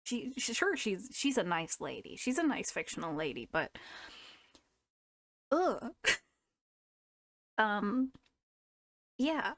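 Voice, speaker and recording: A woman's voice: mid-range voice, big pitch swings, slow pace, pauses often, very noisy. A woman streaming live, chatting casually, laughing often and restarting her sentences.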